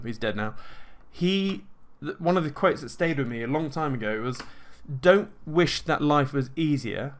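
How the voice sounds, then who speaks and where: A man talking casually and at length in an energetic, self-assured way, full of fillers and restarts. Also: medium pitch. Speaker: host answering viewer questions. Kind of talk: casual monologue.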